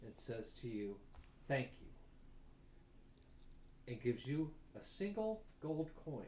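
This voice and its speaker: A man's voice: mid-range voice, very animated, normal speed, mellow, a little hiss or hum. Man narrating gory game scenes in an echoey room. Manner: vivid, gory storytelling with chuckles. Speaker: game master.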